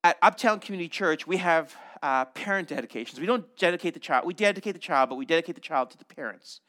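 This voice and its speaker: A middle-aged man preaching a sermon in a church, animated and conversational, often checking in with "right?" and slipping in jokes. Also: on the high side, fast. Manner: animated, conversational, frequent "right?" asides and joking. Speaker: pastor.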